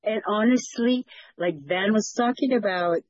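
A woman's voice: mid-range voice, unhurried, darkish tone, no echo, muffled recording. A woman leading a fellowship, sharing a personal testimony in an earnest, rambling way that repeats words, over a video call. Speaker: fellowship leader.

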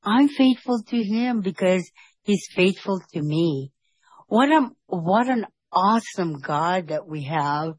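A woman talking earnestly and emotionally about her faith and an upcoming trip, often halting and restarting. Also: on the low side, animated, darkish tone, husky, no echo. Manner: speaks of God with devout fervor. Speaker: vlogger sharing a faith testimony. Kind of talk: heartfelt personal vlog.

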